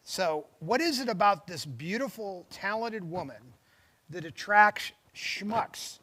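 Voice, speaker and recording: A man's voice: high voice, lively intonation, takes it slowly, bright, forceful tone, dry recording. A man hosting a show, reading a memoir aloud on a lapel mic with chatty asides and commentary. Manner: chatty asides, frequent restarts and laughs. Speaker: host.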